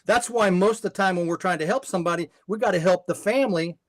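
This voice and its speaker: A man's voice: sits high, fast talker, no echo. An older man, a guest on a faith podcast, telling a story and giving advice in an earnest way, often repeating words as he restarts.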